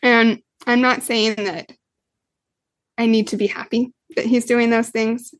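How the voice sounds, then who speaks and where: A woman with a somewhat high voice explains parenting to a podcast host in an earnest, unhurried way, dotted with small fillers. She sounds close to the mic, with a dry, roomless sound. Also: level tone, no room sound. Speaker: guest expert, parenting coach. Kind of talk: podcast interview.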